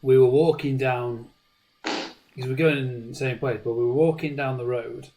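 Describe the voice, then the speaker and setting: A man co-hosting a podcast, telling animated stories in casual chat. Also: medium pitch, moderate pace, poor audio. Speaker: podcast co-host.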